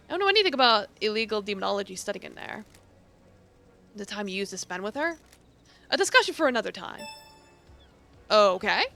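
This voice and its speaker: A woman's voice: medium pitch, creaky, a bit bright. A woman streaming a game, reading its dialogue aloud and adding casual, swearing asides.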